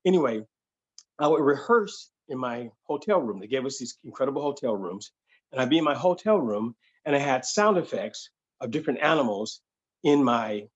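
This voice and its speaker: Husky-voiced man telling a comic story. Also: mid-range voice, moderate pace, highs cut off. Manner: animated, acts out the voices of the people in his stories. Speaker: stand-up comedian.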